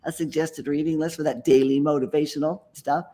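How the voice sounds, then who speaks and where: A man's voice: on the high side, steady tone, a little fast, dark tone. Chatty, self-assured man guest. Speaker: guest author and mentor. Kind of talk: casual interview chat.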